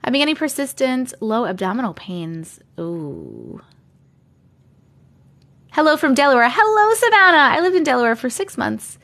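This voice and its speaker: Upbeat woman host, thirties, bright high voice, reads chat comments on a desk mic. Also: huge pitch swings, moderate pace. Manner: bubbly, greets viewers by name, reads comments aloud. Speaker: live-stream host. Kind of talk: casual live-stream chat. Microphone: desk condenser mic.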